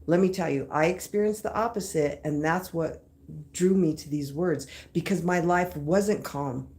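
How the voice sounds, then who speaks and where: An emphatic woman in her thirties talks to her live viewers in a casual motivational chat. Her voice sits a little low, and she leans on repeated phrases and easy slang. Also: normal speed, a little mellow. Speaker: motivational live-stream host.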